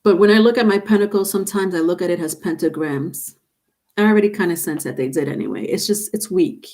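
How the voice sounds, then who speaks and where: A woman's voice: fairly low pitch, fast, a little mellow. A woman giving a live-stream tarot reading, chatting with viewers and calling them by name. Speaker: tarot reader.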